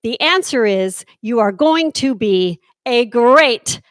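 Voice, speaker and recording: A woman with a fairly high voice gives energetic, hands-on performance tips. She demonstrates each point as she goes, and the sound is close and dry with no room echo. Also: slow. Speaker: workshop presenter.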